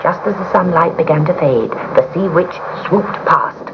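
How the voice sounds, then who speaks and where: A woman's voice: deep voice, animated, moderate pace. A woman reading a children's story aloud with dramatic expression, on a muffled recording with hiss.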